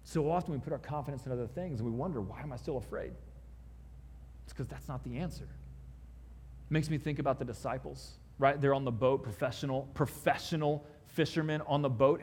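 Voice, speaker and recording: Male preacher, conversational sermon, husky tone, slightly high voice, reverberant church sound. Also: a little mellow. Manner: conversational preaching, builds to emphatic peaks. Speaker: pastor. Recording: long hall reverb.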